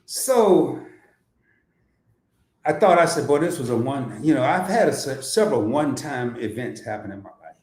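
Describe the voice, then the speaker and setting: A middle-aged man chats casually from his home computer for his own crypto investing channel, spinning personal vlog talk in an animated storytelling style. He speaks at a moderate pace in a roomy-sounding space, his pitch leaping way up when he's excited, and he chuckles often along the way.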